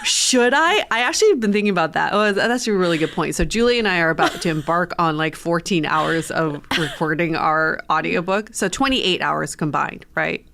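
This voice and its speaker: A woman's voice: lowish voice, expressive, normal speed, gravelly, hardly any pauses, a bit bright. A woman co-hosting a dating podcast in casual chat, playful and laughing often. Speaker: podcast co-host.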